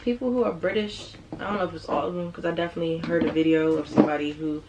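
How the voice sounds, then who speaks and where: A young woman chatting casually with her cousin, mostly giving relaxed, brief replies that agree with her. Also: deep voice, fast talker, very noisy. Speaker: vlogger's cousin. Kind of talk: casual chat.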